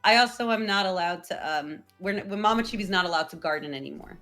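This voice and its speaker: A woman guest chatting casually, telling a story in an animated way, laughing mid-sentence and acting out family members' voices. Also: medium pitch, fast talker, faint music behind. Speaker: guest streamer.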